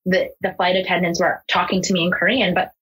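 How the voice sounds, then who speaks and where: A young American woman, a podcast guest, tells her own story openly and emotionally, swearing casually and leaning on "like." Her low, husky, breathy voice is fast and a bit bright but shows little pitch movement. The audio is poor.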